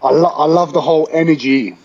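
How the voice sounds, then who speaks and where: Husky London man, higher-pitched. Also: fast, lo-fi sound. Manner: animated storyteller, chatty with many "like" and "right?" fillers. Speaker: podcast host. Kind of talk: casual chat.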